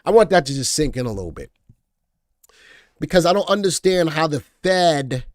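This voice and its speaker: A man's voice: a little high, lively intonation, moderate pace, dry recording. A man hosting a live stock market stream, reading news headlines aloud and riffing casually on them while answering viewers in the chat. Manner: chatty, reads headlines then riffs, addresses chat viewers by name. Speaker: livestream market show host.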